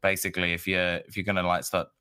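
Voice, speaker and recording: A man's voice: sits low, monotone, fast, bright, forceful tone. A man co-hosting a podcast, chatting casually in an easygoing, jokey, slangy way. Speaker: podcast co-host. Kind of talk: casual chat.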